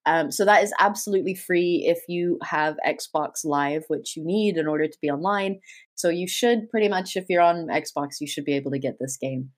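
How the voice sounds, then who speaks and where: A woman's voice: low voice, moderate pace. A woman co-hosting a casual chat over a video call, enthusiastic and swearing freely as she talks about games she loves. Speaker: podcast co-host.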